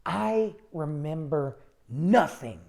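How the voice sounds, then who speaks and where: A man hosting a podcast, telling a personal story in a rambling, animated way, often cutting himself off mid-sentence. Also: fairly high pitch, takes it slowly, vocal fry. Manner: rambling, animated, self-interrupting. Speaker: podcast host. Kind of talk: casual storytelling monologue.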